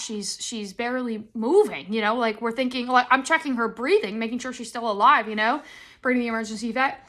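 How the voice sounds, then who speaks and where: A young woman hosting a podcast, telling stories in a rambling, animated way and acting out the quotes. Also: fairly high pitch. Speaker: podcast host. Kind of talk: casual chat.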